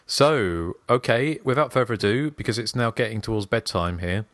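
A man's voice: lowish voice, animated, normal speed, fairly bright tone, no echo, studio quality. A man hosting a casual podcast chat, talking in a rambling, chatty way. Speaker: podcast host.

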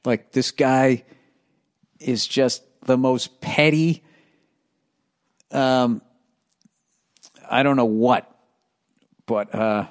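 A man's voice: mid-range voice, steady tone, drawn-out words, long pauses. A man, rambling through a solo podcast monologue, profane and sarcastic. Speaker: podcast host.

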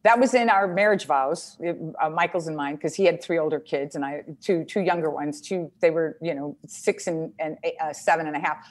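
A woman's voice: low-pitched, fairly quick, few pauses. A middle-aged woman, a podcast guest, talking in a rambling, chatty way with many fillers and self-corrections. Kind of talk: conversational interview.

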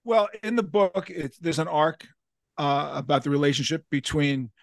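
A man's voice: on the high side, steady tone, moderate pace, vocal fry, no room sound. A man hosting a casual interview, asking long, winding questions of a longtime friend. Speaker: podcast host.

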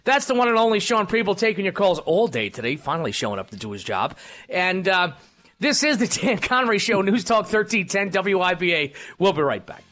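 This high, bright-voiced radio host is very animated and a little fast as he rambles through a studio monologue. Fillers and restarts pile up, and he keeps making himself the butt of the joke.

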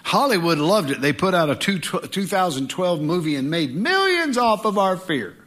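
A middle-aged male pastor delivers a lively sermon in a high-sitting voice at a moderate pace. He peppers it with joking asides and mock voices.

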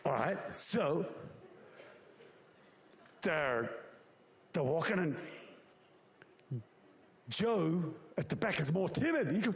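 A male preacher delivering a sermon with a noticeably high voice. He tells the story vividly, acting out scenes and mimicking sounds. His delivery rises and falls with the drama. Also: takes it slowly, vocal fry, pauses often, big-room sound. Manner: animated storytelling with acted-out voices.

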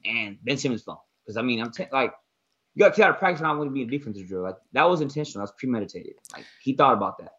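A man co-hosting a casual basketball podcast, talking fast and emphatically and leaning on "most importantly". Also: medium pitch, expressive, a bit bright, husky, highs cut off. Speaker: podcast co-host, basketball analyst. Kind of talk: casual sports talk.

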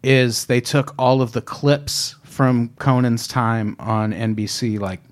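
A man's voice: mid-range voice, fairly even intonation, slow pace. A man hosting a casual podcast chat, wry and joking, swearing freely. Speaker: podcast host.

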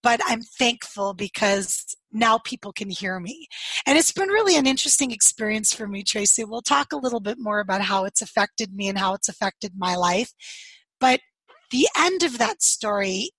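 A woman with a slightly hoarse, husky voice, telling her life story in an interview and acting out the dialogue she recalls. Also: medium pitch, expressive, moderate pace, fairly bright tone, no echo, rough recording. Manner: storytelling, acts out quoted dialogue, laughs often. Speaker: podcast guest.

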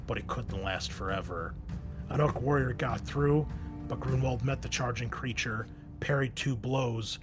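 A man narrating a fantasy war story in a steady, measured storytelling manner, over faint music. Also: fairly low pitch.

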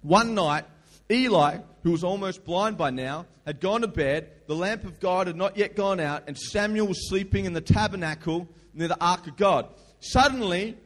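Young male youth pastor, high voice, casual storyteller, crowd prompts, hall echo. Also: moderate pace. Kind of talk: lively youth sermon. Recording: long hall reverb.

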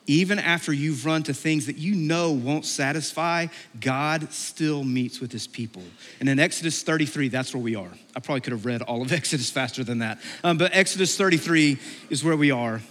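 A man's voice: on the high side, fairly quick, bright, forceful tone. A man preaching a sermon in a church, talking casually, joking and acting out the people in the story. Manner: conversational, joking, acts out characters in asides. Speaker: pastor. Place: church sanctuary. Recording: reverberant church hall.

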